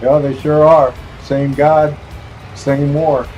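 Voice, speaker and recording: A man's voice: on the high side, little pitch movement, slow, darkish tone, muffled recording, faint music behind. A man streaming a game, chatting casually in a rambling, joking way and chuckling often. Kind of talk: casual chat while gaming.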